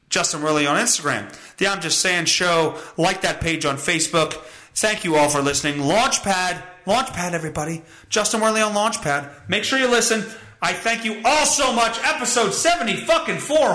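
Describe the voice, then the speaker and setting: A man's voice: high voice, lively intonation, normal speed, pushed and bright, roomy sound, low-quality recording. A man hosting his own podcast, ranting in a crude, profane and joking way. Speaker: podcast host. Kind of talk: solo comedic rant podcast.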